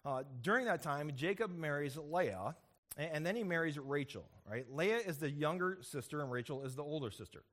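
A male pastor retelling a story from the pulpit with a lively, chatty delivery, often stopping to check in with his listeners. His voice sits a little above the usual male pitch, and he slips into the characters' voices as he quotes them. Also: normal speed. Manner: conversational storytelling with frequent "right?" asides and repeated "and, and"; acts out characters' quotes with shifting pitch and loudness. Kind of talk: sermon.

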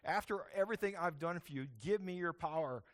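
A pastor putting on an indignant male apostle who is demanding his due, his voice pitched up, loud and aggrieved. He sounds pushy and self-important. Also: fairly quick, lightly acted.

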